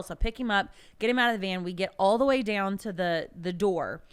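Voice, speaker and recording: A young woman on a podcast, chatting casually and telling animated stories, often laughing. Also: medium pitch, fairly quick, few pauses, smooth. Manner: animated storytelling, laughs a lot. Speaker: podcast guest. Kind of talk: casual chat.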